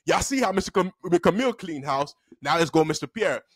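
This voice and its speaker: Young male vlogger, casual slangy storyteller, very expressive pitch, dry close sound. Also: brisk, dry recording. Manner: animated and slangy, laughs often. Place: indoor room at a desk.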